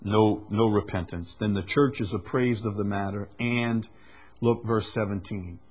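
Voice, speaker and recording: Husky preacher man. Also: fairly low pitch, fairly even intonation, unhurried. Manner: earnest, repeats words, acts out quoted apologies. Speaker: pastor. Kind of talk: sermon.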